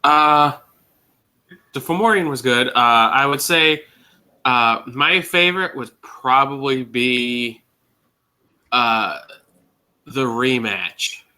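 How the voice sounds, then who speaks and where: A man's voice: mid-range voice, animated, takes it slowly, long pauses, pushed and bright, clear, resonant tone. A man on a casual panel, recounting a moment unhurriedly and searching for words. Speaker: panel guest.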